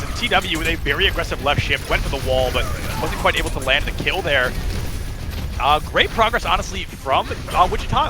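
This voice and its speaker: A young man calling a live esports match, quick and excitable in his play-by-play, with game music behind him. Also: on the high side.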